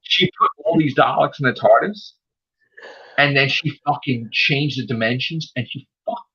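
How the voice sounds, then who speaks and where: A husky-voiced man talks fast and excitedly in a casual chat, swearing freely and acting out quotes. The recording is dull and lo-fi. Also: mid-range voice. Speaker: podcast co-host.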